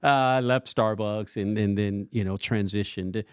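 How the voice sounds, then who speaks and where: A man co-hosting a church podcast, telling his own story in animated casual chat and acting out his past lines. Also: fairly low pitch, unhurried, clear, resonant tone, no room sound, studio quality. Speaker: worship pastor and podcast co-host.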